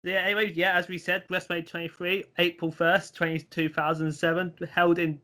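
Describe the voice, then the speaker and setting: A man's voice: high-pitched, flat delivery, brisk, sharp tone. A man hosting a casual chat, reacting briefly and running through his notes. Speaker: podcast host.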